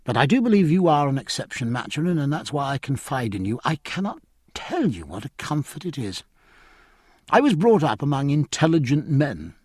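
Man doing a sharp-tongued young woman, proud and scornful, husky lively voice, dry close sound. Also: on the high side, moderate pace, no echo, pitched above the performer's own voice. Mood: impassioned. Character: spirited bitter young woman, outspoken and proud. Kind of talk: audiobook character voice.

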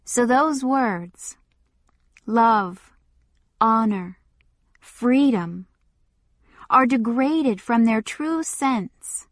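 A woman reads a novel aloud in a measured, deliberate way. Her voice sits a little high and she takes her time with every phrase. The recording is dry and close. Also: lively intonation, no echo. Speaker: audiobook narrator. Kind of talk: scripted narration.

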